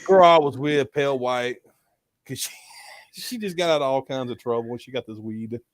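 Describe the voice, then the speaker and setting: A man's voice: mid-range voice, normal speed, no echo. A young adult man telling a story in casual, profane podcast chat. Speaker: podcast host.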